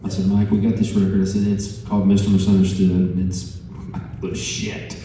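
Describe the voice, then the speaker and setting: A man telling an animated story on stage, acting out phone calls with profane asides. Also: low-pitched, fast, slight background noise. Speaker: musician interviewed on stage. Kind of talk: storytelling interview before a live audience. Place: large conference hall. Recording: echoey hall, distant mic.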